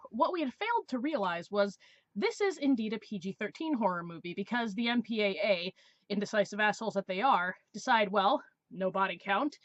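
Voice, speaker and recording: A woman's voice: medium pitch, dry recording. Woman in her 20s ranting on her vlog, sarcastic, voice bounces all over, kinda dull dry sound. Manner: sarcastic, exasperated. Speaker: vlogger. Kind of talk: casual storytelling review.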